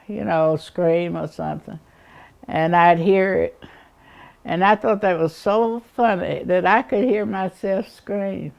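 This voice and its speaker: A woman's voice: low-pitched, highs cut off. An older woman from East Tennessee with an Appalachian accent, rambling through childhood memories, chuckling and acting out the people in her stories. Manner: rambling, chuckling, acts out the people she recalls. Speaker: oral history interviewee. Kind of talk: reminiscing storytelling.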